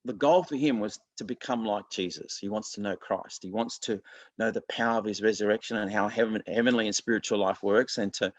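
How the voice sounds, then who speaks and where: A lower-voiced man delivers a sermon in an earnest, conversational manner. He often stops and restarts his thoughts. The sound is dry and close, with little room around it. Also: no room sound. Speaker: pastor.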